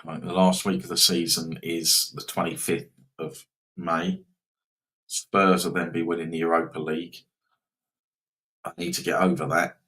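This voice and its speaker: A man's voice: deep voice, a bit bright, rough recording. A man hosting a live betting stream, rambling casually and reacting to football scores and viewers.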